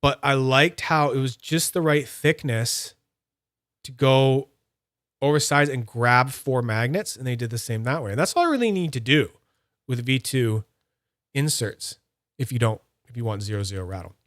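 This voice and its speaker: Man, casual livestream demo, explains every step, mid-pitched voice, dry close sound. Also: lively intonation, normal speed, a bit bright, no room sound. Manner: chatty, explains each step aloud. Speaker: fidget toy streamer. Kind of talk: casual live demo talking to chat.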